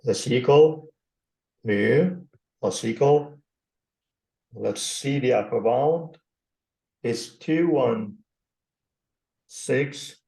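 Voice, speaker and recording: A man with a Turkish accent giving a university statistics lecture, slowly reading out numbers and repeating himself. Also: mid-range voice, vocal fry, mellow. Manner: slow, repetitive, reading out numbers. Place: classroom. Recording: echoey classroom.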